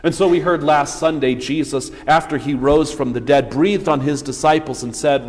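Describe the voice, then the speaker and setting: A man's voice: a little high, steady tone. Preaching man in a reverberant church. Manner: measured preaching with rhetorical questions. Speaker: pastor. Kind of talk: sermon.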